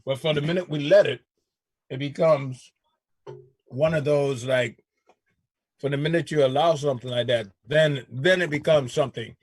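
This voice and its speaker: A man hosting a casual talk show, riffing in an animated way with frequent restarts. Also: on the high side, moderate pace, pauses often, dry recording, studio quality. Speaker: show host. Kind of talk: casual chat.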